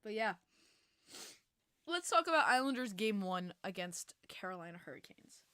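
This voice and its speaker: A young woman hosting a casual hockey podcast livestream, chatty and full of "like", breaking into loud disbelief at times, on a desk mic at home. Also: medium pitch, big pitch swings, normal speed, smooth, no echo, studio quality. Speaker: podcast host. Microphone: desk mic, adjusting gain.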